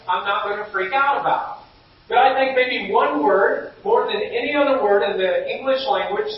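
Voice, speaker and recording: High-voiced pastor preaching in an echoey church. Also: male voice. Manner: storytelling with acted-out quotes, rising to shouts. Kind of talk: sermon. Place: church sanctuary. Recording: dull, echoey hall from far off.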